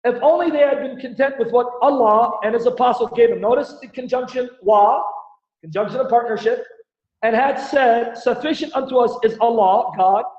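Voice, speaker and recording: A man's voice: very high-pitched, normal speed, darkish tone. A man hosting a livestream, reading scripture aloud and animatedly pressing his audience with rhetorical questions. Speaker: Christian apologist host. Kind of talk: livestream Bible-Quran debate teaching. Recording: echoey, dull lo-fi stream audio.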